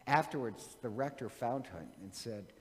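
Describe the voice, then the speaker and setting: A man's voice: medium pitch, animated, moderate pace, heavy background noise. A man, a priest, casually telling an anecdote from his seminary days, rambling with many fillers and restarts. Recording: long hall reverb.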